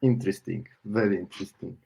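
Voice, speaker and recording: A man's voice: sits low, quick pace, vocal fry, warm tone. A man, the interviewer, making brief interjecting remarks between answers. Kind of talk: interview chat.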